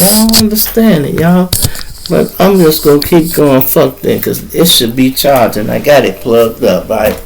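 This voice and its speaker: A man's voice: medium pitch, slight background noise, poor audio. A middle-aged man hosting his own show, telling stories in a loose, profane, chatty way. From Chicago. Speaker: podcast host. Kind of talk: casual storytelling.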